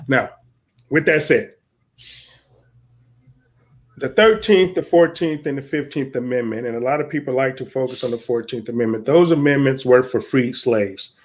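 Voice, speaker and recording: A man's voice: medium pitch, normal speed, pauses often. An American man co-hosting a podcast, delivering heated political commentary in an angry, profane rant. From United States. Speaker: podcast co-host.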